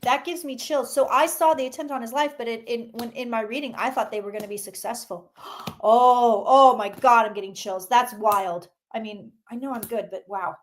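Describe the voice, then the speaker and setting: A woman with a high, bright-sitting voice reads tarot cards live for her viewers. She talks casually and excitably, swears a little, and keeps breaking off to greet people in the chat. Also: normal speed, a little hiss or hum. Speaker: psychic reading tarot on a livestream.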